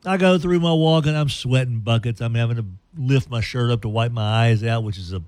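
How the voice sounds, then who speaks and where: A man hosting a radio show, telling a long funny story with playful, animated delivery and silly put-on voices. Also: medium pitch, fairly quick, no echo.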